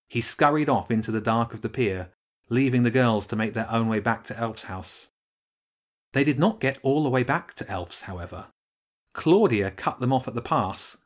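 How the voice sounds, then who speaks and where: A man narrating a children's storybook with expressive storytelling. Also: mid-range voice, normal speed. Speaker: audiobook narrator. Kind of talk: scripted narration.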